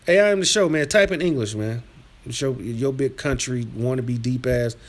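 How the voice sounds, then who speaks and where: A man hosting a live stream, reading chat aloud and trash-talking viewers in a combative, rambling rant that drops to mutters and rises to yelling. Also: moderate pace. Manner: swings from low muttering to loud yelling. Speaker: livestream host reading chat.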